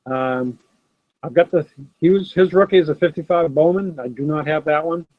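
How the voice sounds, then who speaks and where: The host of a live sports card stream, a middle-aged man, chats casually from his home desk and replies to viewers by name. His voice is a little high and moves at normal speed. Recorded on his laptop's built-in camera mic, the audio is dull and dry, with no room sound.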